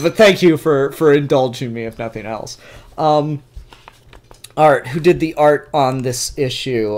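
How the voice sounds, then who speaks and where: Man reviewing a comic, enthusiastic, rambling, swearing, camera mic, mid pitch. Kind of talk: casual review chat. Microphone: camera mic, showing pages to camera.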